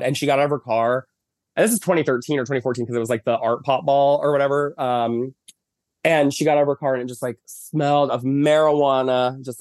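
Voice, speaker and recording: The voice is medium-pitched with a darkish tone, recorded at studio quality without room sound. He's a makeup artist on a podcast, calling in by video from bed at home and chatting casually through long stories loaded with fillers.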